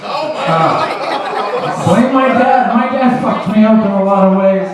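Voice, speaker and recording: Man, stand-up comic, high voice, deadpan and crude, echoey club, distant mic, crowd laughing. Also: takes it slowly. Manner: deadpan, offhand delivery with crude jokes. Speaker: stand-up comedian. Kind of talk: stand-up set. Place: comedy club stage. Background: audience laughing.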